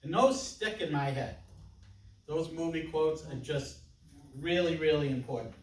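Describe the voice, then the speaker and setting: A man's voice: fairly high pitch, a little slow, a little hiss or hum. A man in his sixties giving an interactive conference presentation, chatting and joking with the audience. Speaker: conference speaker. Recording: roomy hall from a distance with audience murmur.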